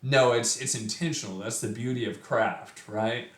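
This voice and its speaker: A man's voice: mid-range voice, moderate pace, a bit bright, echoey room. A man giving an informal lesson on a poem, thinking aloud with many fillers and restarts. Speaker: poetry teacher. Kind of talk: informal poetry lecture.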